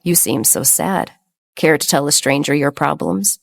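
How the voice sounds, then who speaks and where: A woman voicing a kind, timid young gentleman who speaks softly and pleasantly. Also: low-pitched, creaky, pitched below the performer's own voice, exaggerated voice. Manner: soft, pleasant and slow.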